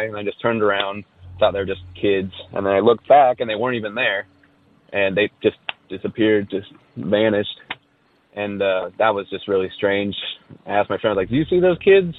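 A man's voice: lowish voice, a little hiss or hum. A man from Southern California leaves a casual voice message, telling a ghost story in a rambling way with many fillers. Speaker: caller sharing a ghost story. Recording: tinny phone line, dry.

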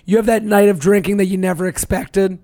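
A man with a Northeastern US accent, co-hosting a podcast in casual banter and tossing out quick jokes. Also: sits high, little pitch movement, darkish tone, no room sound, clean studio sound. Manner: joking, quick asides. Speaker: podcast co-host, comedian.

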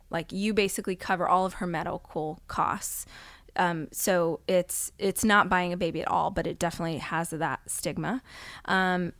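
A woman speaks as a guest in a studio interview, her voice smooth and resonant and set slightly low. She tells a personal story with open emotion and often drops to a hushed tone when she quotes someone. The sound is close and dry, with no room around it. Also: no room sound. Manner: heartfelt, drops to hushed tones when quoting others. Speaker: guest author.

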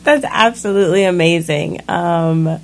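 A woman hosting an interview, affirming her guest in a measured way. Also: on the low side. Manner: affirming, measured, frequent ums. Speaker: podcast host. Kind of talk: conversational interview.

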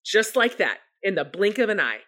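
Animated, self-deprecating storyteller woman. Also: medium pitch, normal speed. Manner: animated, self-deprecating, acts out her own past words. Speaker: guest author. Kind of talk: candid personal storytelling.

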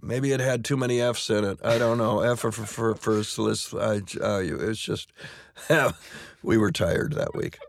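A middle-aged man, a stage actor, talking in a relaxed, anecdotal way in an interview, often restarting and repeating words. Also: on the low side, a little slow, no echo. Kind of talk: conversational interview.

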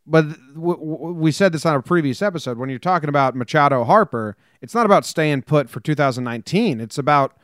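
A man co-hosting a casual sports podcast, joking and quick as he reads listener messages. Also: on the high side, expressive, dry recording, studio quality. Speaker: podcast co-host.

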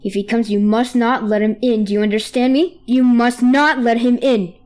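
A woman's voice: fairly high pitch, steady tone, normal speed, a little mellow, close to an everyday voice. A woman voicing a stern, frightened drunk father in a horror story, urgent and scolding.

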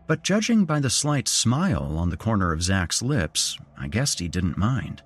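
A man's voice: on the low side, very animated, a little slow, breathy edge. A man narrating a first-person horror story as a podcast host, telling it expressively.

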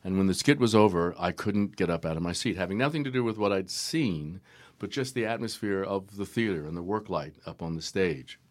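An older man, a guest actor, telling stories at an unhurried, reflective pace in a conversational interview, with frequent ums and uhs. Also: low voice.

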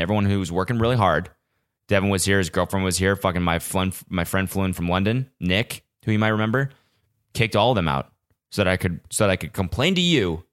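A man's voice: deep voice, a bit bright. A young man hosting his own podcast alone in his apartment, talking in a frazzled, rambling way with lots of swearing, recorded on a small vlog camera. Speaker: podcast host. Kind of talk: casual solo podcast monologue. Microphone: small vlog camera mic.

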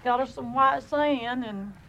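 A woman in a documentary clip, speaking slowly and haltingly as she rambles through her explanation. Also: sits high, fairly bright tone, lo-fi sound, a little hiss or hum. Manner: slow, rambling, halting speech. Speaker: documentary subject. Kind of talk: interview clip from a film.

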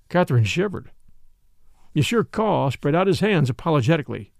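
A man reading a mystery novel aloud as an audiobook narrator in a measured, expressive way. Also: a little high, creaky, dry recording, clean studio sound. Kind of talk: scripted narration.

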